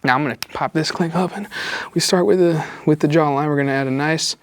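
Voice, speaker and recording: A man's voice: fairly high pitch, fast talker, no room sound. A man hosting a drawing lesson, talking through each step as he sketches and teasing in a playful, joking way. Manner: joking, talks while drawing, voice jumps up when teasing. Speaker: drawing show host.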